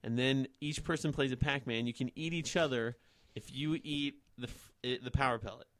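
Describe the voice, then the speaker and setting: A man's voice: medium pitch, brisk, fairly bright tone, dry recording. A young man co-hosting a casual chat, crude and teasing, cutting in with jokes. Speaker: podcast co-host.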